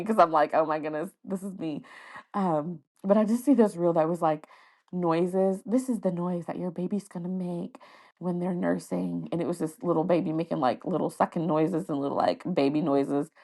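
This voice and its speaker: A woman in her thirties hosts a casual podcast on her own. Her voice sits low, with a gravelly edge running through it. She tells her stories in a chatty, animated way, laughing often and putting on playful voices for the people she quotes. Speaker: podcast host. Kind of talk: casual solo podcast chat.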